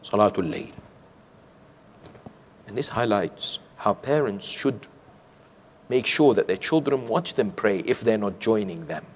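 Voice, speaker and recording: A man's voice: on the low side, animated, measured pace, long pauses, slight background noise. A man giving a sermon from the pulpit, telling stories and often asking rhetorical questions of the audience. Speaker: sheikh preaching. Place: community centre hall, from the pulpit. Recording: long hall reverb.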